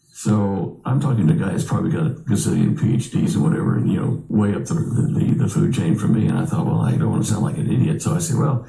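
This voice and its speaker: A man's voice: on the low side, lively intonation, a little fast, vocal fry, dark tone, reverberant, poor audio. An older man telling a long personal story as an interview guest, rambling with many fillers and restarts.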